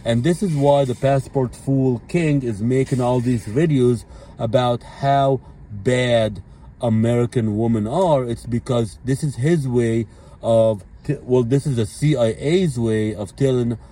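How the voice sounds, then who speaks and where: A man's voice: mid-range voice, measured pace, dark tone, slight background noise. A man delivering a blunt, profane ranting monologue as a commentary vlogger, leaning on repeated fillers.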